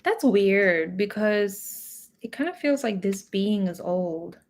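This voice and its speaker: A woman's voice: mid-range voice, animated, slow, a little mellow. A young adult woman giving a live psychic reading in a chatty, emotional way, full of fillers and little laughs. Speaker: tarot and psychic reader. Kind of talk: live reading, casual chat.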